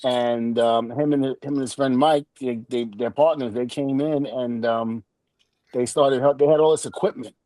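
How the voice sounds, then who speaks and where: A man's voice: mid-range voice, moderate pace, no echo. A middle-aged man, a podcast guest, telling a story in casual chat and acting out each quoted line with laughter. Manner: animated, acts out quoted dialogue with laughs.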